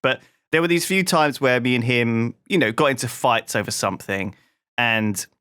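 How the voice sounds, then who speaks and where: A British man co-hosting a podcast, recounting childhood memories in a rambling, halting way full of "you know"s. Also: medium pitch, bright, forceful tone, clear, resonant tone, no echo. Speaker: podcast co-host. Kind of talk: casual storytelling chat.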